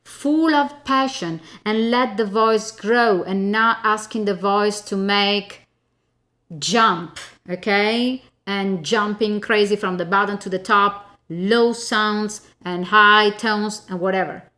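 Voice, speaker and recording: A woman's voice: medium pitch, slow, pushed and bright. A woman voice coach giving a spoken lesson in an emphatic way, often checking in with "okay?" and repeating her key points.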